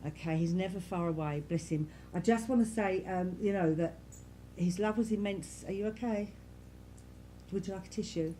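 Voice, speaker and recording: A woman serving as a spiritualist medium, speaking softly and reassuringly to a congregation in a church, repeating herself often. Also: lowish voice, normal speed, slight background noise. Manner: gentle, reassuring, repetitive, many "you know"s. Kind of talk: giving spirit messages to a congregation.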